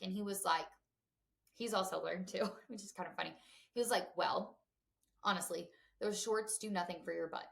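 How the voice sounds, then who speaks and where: A woman's voice: on the low side, normal speed, creaky. A woman, hosting a podcast in a chatty, candid way, full of fillers and asides to her listeners. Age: 20s. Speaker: podcast host. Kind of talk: casual chat.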